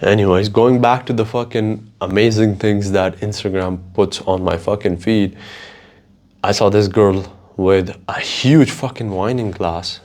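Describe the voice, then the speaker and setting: Man, low voice, slow drawl, swearing constantly, rambling solo podcast talk. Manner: profane, rambling, animated storytelling. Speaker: podcast host. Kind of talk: casual solo monologue.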